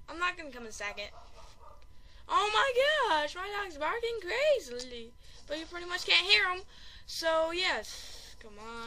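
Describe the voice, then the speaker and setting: A very high, bright voice from a woman calling out a video game as she plays it. She gets excitable and panicky, piles up repeated exclamations and keeps joking about how bad she is at the game, with a faint hiss under the recording. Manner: self-deprecating chatter. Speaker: gaming channel host. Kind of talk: live gameplay commentary.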